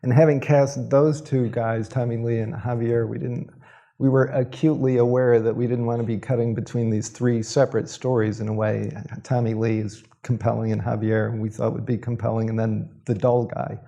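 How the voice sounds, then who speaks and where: A man's voice: medium pitch, level tone, normal speed, creaky, warm tone. A man on a panel, talking in a dry, understated way. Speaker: film director, panelist. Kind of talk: panel discussion.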